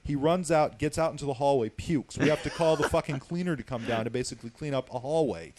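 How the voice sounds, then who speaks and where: A man, a hospital security guard, telling stories casually on a talk show, profane and animated, leaning on the word basically. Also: mid-range voice, fast talker, a crowd in the background. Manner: profane, animated storyteller, many fillers like "basically".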